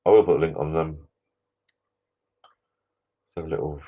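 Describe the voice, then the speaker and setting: A man's voice: very deep voice, steady tone, normal speed, phone-quality sound, slight background noise. A man hosting a casual live stream, rambling chattily and reading out viewer comments.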